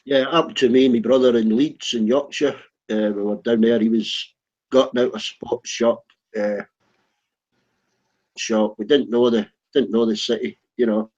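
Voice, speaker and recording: A man's voice: mid-range voice, steady tone, normal speed, a little mellow. A man telling a funny pub story in casual chat, rambling and acting out the quotes. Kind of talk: casual chat, comic anecdote. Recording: dull lo-fi recording.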